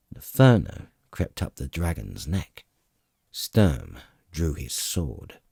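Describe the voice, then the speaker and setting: A man narrating a fantasy audiobook in a dramatic, expressive storytelling manner, recorded close to the mic. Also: a bass voice, takes it slowly, vocal fry, slightly rough, dry recording.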